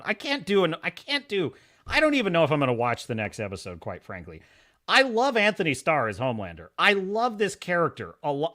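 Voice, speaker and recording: A middle-aged man hosts a live stream, ranting in animated, opinionated commentary. His voice sits high and swoops widely. It has a bright, forceful ring. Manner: animated, ranting, mocking impressions. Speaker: podcast host.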